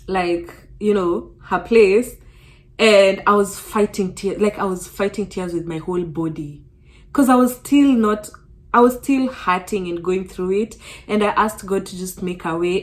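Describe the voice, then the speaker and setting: A young woman and student vlogger, telling an earnest, animated story in casual chat while getting ready. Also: medium pitch. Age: young adult.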